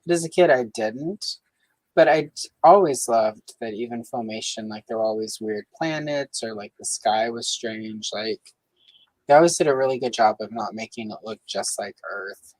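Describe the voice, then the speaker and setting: A woman hosting a coloring livestream in casual chat, talking with many fillers and lively swings in pitch. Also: normal speed, no echo, low-quality recording. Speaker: livestream host.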